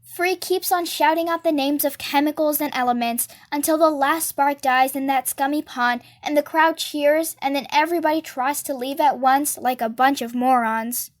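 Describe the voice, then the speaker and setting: High-voiced woman reading a novel aloud. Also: normal speed, hardly any pauses. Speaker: storybook reader.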